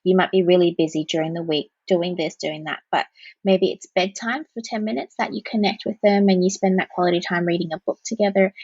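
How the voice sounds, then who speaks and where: A woman guest on a podcast, a counsellor giving practical explanations with sample phrases. Her voice sits low and a little husky. The recording is dry and slightly dull. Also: steady tone, brisk, darkish tone, no room sound. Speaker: parent-child counsellor, guest. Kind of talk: podcast interview answers.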